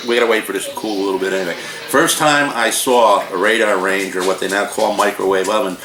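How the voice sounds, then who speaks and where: An older man with a low voice chats through a frozen-food review in a homey, digressive way, stopping for jokes and memories. He sounds roomy and echoey, with faint noise underneath, like a kitchen recording. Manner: folksy, digressive, joking storyteller. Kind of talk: casual rambling review.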